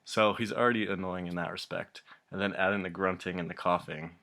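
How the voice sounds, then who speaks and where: A man's voice: low-pitched, steady tone, brisk, gravelly, very noisy. A young man ranting casually to camera, rambling and exasperated, swearing a lot and often breaking into laughter. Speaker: vlogger.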